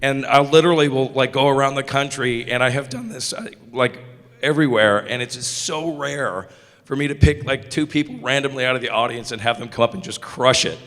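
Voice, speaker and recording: A man hosting a voice acting workshop, chatty, energetic and encouraging. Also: mid-range voice, fairly quick. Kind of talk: convention panel talk. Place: convention panel room. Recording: echoey convention hall.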